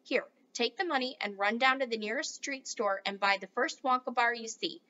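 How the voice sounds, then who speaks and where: A woman doing a sly, excitable old grandfather. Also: fairly high pitch, moderate pace, highs cut off. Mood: eager. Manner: whispering, conspiratorial. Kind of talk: storybook read-aloud.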